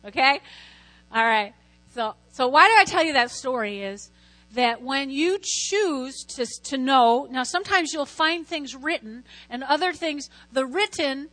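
A woman with a high, bright voice delivers a sermon, lively and calling out to her listeners for answers. A faint mains hum sits under the recording. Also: a little slow. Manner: lively, lots of call-and-response. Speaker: Christian teacher preaching.

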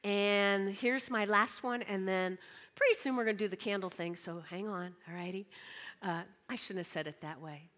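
A woman's voice: mid-range voice, a bit bright, big-room sound. A woman preaching a sermon in a church, talking conversationally and calling on the congregation to answer back. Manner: conversational, calls on the audience to respond.

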